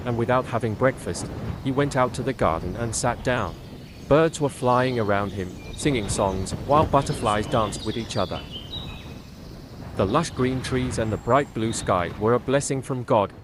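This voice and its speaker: A man calmly narrating a scripted storybook tale in a measured way. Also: medium pitch, noisy background.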